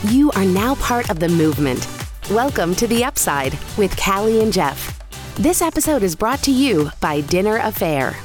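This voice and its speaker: A woman's voice: mid-range voice, big pitch swings, moderate pace. Lilting female show-intro voice over music.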